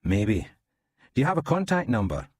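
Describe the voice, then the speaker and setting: Male reader as a measured, knowing detective, husky voice, dry recording. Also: medium pitch, wildly swooping pitch, a little mellow, no echo, pitched above the performer's own voice. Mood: explaining. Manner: measured, explaining.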